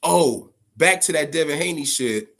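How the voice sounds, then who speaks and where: This host's voice runs on the high side and a bit bright, at a moderate pace. In a casual live-stream chat he rambles profanely, repeating himself for emphasis and speaking straight to his viewers.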